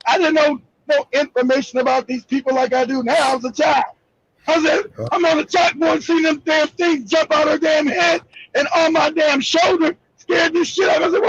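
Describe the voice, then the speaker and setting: A male host who talks loudly with profanity and often shouts through animated retellings. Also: extremely high pitch, normal speed, highs cut off, heavy background noise. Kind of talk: heated live broadcast talk.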